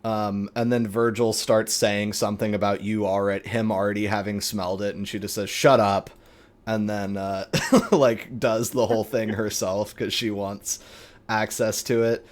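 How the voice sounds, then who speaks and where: A man narrating as game master of a tabletop game, unhurried and rambling with lots of fillers. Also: lowish voice, flat delivery.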